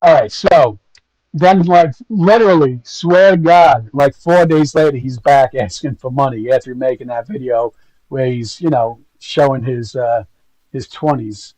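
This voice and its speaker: A man's voice: mid-range voice, a little slow, darkish tone, dry recording, poor audio. Rambling gossipy man doing commentary. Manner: rambling, gossipy, full of fillers. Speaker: commentary streamer. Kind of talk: casual commentary.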